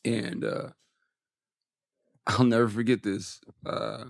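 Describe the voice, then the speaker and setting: A man's voice: on the low side, fairly even intonation, takes it slowly, vocal fry, dry recording, studio quality. A man in his forties, a musician guest on an interview podcast, telling a personal story candidly and emotionally, with some swearing.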